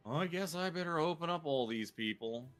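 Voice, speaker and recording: A man's voice: on the high side, animated, moderate pace, a bit bright. A man narrating as game master, rambling loosely with frequent ums and chuckles.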